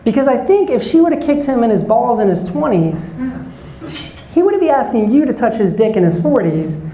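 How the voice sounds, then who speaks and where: A man's voice: very high-pitched, big pitch swings, normal speed, warm tone, echoey room, rough recording. A man in his forties doing a stand-up set, chatting and bantering with the audience from a club stage. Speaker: stand-up comedian. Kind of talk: stand-up set with crowd work.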